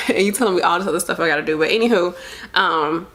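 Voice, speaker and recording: A woman's voice: lowish voice, fast, a bit bright. A young woman chatting casually to camera about her pregnancy, open and emotional, rambling with lots of fillers. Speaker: vlogger sharing a pregnancy update.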